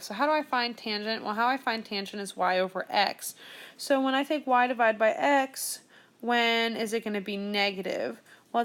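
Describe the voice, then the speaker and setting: A young woman teaching a math lesson, talking through each step as she works problems aloud. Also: a little high. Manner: steady step-by-step explaining, thinking aloud. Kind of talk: screen-recorded math lesson.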